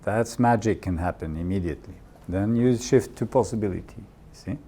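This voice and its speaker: In a community workshop room, a workshop leader from Norway coaches in his second language, English, taking his time and repeating key phrases to stress them. His voice is low and dark at a moderate pace, with slight background noise.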